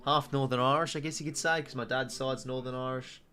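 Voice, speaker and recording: With a steady, sharp, mid-range voice and a fairly quick pace, an Australian man around twenty runs a loose live watch-along stream. He chats away, reads viewers' comments, and frequently says "mate."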